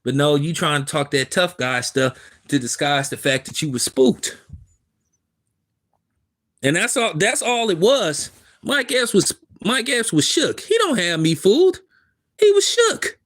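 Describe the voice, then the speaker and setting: A man's voice: fairly high pitch, big pitch swings, measured pace, a bit bright. Emphatic man ranting in casual commentary. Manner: emphatic, repetitive, street-casual. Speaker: commentary host. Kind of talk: opinionated commentary.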